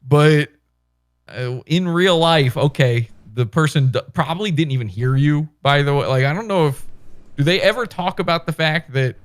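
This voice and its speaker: A man's voice: on the high side, moderate pace, clear, resonant tone. A man hosting a podcast, rambling in casual, profane chat and acting out quoted lines. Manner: rambling, animated, acts out quotes. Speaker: podcast host.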